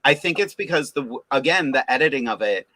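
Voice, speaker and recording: A man's voice: mid-range voice, animated, fairly quick, bright, forceful tone, poor audio. A man co-hosting a casual group chat, talking in an enthusiastic, chatty way. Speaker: podcast co-host.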